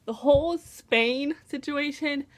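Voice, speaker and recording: A woman's voice: high voice, takes it slowly. A young woman reviewing a book in a casual vlog, gushing and exasperated, full of exclamations.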